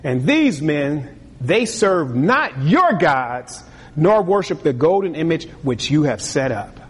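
A man preaching a sermon with a husky voice, lively and acting out other people's voices. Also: fairly high pitch, takes it slowly. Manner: animated, acts out voices of tempters and the king. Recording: long hall reverb.

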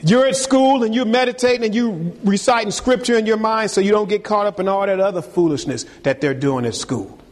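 A middle-aged man preaching a sermon as pastor, animated and teasing, calling on the congregation for amen. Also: sits high, brisk, hardly any pauses. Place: church sanctuary. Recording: long reverb of a hall.

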